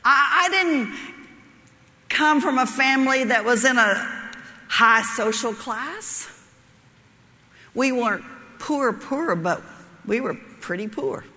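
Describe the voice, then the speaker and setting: Brief: woman preacher, high and bright, folksy storyteller, long hall reverb. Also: animated, slow pace, pauses often. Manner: folksy storytelling, laughs at her own jokes. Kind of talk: sermon with a joke story.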